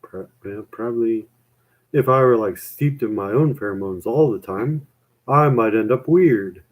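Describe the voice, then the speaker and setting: A man's voice: medium pitch, measured pace, poor audio. A young man rambling in a casual chat with his viewers, self-mocking and full of "man" and "dude".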